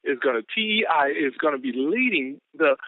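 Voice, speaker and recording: A fast-talking man with a drawl fires up his listeners in an excited motivational pep talk, whooping and calling out to them as he goes. His voice comes through a tinny phone line with no room sound at all. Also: a little high, no echo. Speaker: business caller giving the daily quote.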